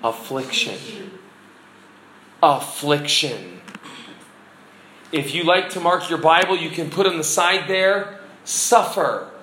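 A man's voice: fairly high pitch, expressive, slow pace, pauses often, pushed and bright, echoey room, a little hiss or hum, rough recording. A man preaching a sermon as pastor, earnest and exhorting, putting questions to the congregation.

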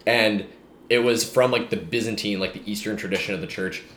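A man's voice: lowish voice, fairly quick, fairly bright tone. A man co-hosting a podcast in casual chat, rambling and filling his talk with "like". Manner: rambling, full of "like" fillers. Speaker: podcast co-host. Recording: echoey room, faint background hum.

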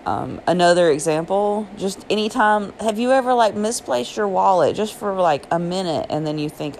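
A woman's voice: mid-range voice, animated, normal speed, few pauses, a little mellow, a little hiss or hum, rough recording. A woman hosting a solo podcast, talking through her thoughts in a rambling, chatty way, full of fillers and small laughs. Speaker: podcast host. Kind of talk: solo reflective podcast monologue. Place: Jacksonville.

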